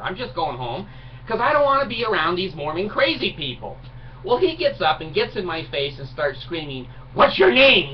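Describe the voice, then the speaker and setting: A middle-aged man ranting indignantly to camera, mocking and chuckling at his own jokes. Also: high voice. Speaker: video blogger. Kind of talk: ranting monologue. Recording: distant mic, dull lo-fi sound, faint noise.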